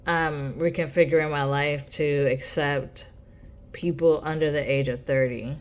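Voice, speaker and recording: A woman's voice: low voice, fairly even intonation, a little slow. A woman ranting bluntly in a casual vlog monologue, swearing freely. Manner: blunt, profane rant with mocking quoted voices. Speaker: vlogger.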